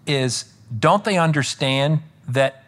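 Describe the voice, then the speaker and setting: A man speaking as a political commentator guest on a podcast, rambling with frequent restarts and self-corrections, and animated when he recounts exchanges. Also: fairly high pitch, slow. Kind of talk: conversational podcast interview.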